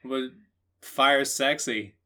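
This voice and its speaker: A man co-hosting a comedy podcast, riffing in casual banter with deadpan sarcasm. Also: mid-range voice, drawn-out words. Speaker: podcast co-host.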